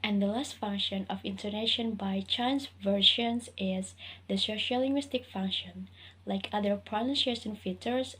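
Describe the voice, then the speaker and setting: A woman's voice: medium pitch, slightly rough, low-quality recording. A woman student reading a class presentation from her notes, citing sources as she goes.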